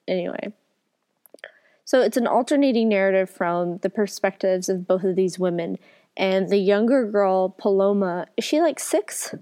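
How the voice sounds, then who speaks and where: A woman co-hosts a casual book review podcast while suffering from a cold. Her voice is medium-pitched and mellow at a moderate pace, and she rambles and corrects herself as she goes.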